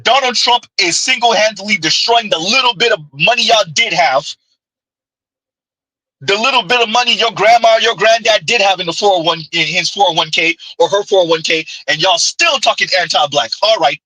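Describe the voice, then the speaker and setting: A man's voice: high voice, a little fast, pushed and bright, husky, dry recording, poor audio. A man, hosting a sarcastic, heated commentary rant. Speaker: commentary channel host.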